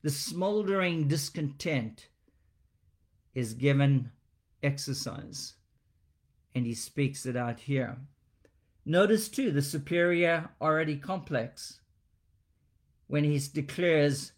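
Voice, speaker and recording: A man preaching an expository sermon, speaking with deliberate emphasis and dramatic pauses. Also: fairly high pitch.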